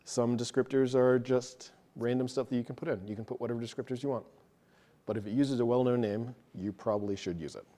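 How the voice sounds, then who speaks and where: His voice is warm and mid-range, and he talks a little quickly. At a tech meetup, he casually guides listeners through code step by step in a live technical demo, joking at his own expense now and then.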